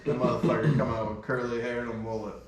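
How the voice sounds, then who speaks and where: Guy telling a crude story on a podcast, acts out all the voices, sounds far off in a boomy room. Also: quick pace, heavy reverb, very noisy. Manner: crude, animated storyteller acting out quotes. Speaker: podcast host. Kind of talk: casual storytelling chat.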